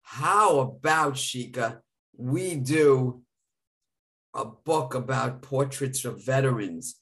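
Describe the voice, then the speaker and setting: A man's voice: medium pitch, takes it slowly, fairly bright tone. Male podcast co-host, mid-range voice, effusive and emotional. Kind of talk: live podcast chat.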